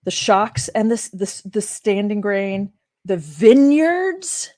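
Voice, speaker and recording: A woman's voice: mid-range voice, very animated, takes it slowly, darkish tone, dry recording, clean studio sound. A woman who teaches religion, giving casual commentary on a scripture reading, emotional, exasperated and blunt. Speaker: religion professor.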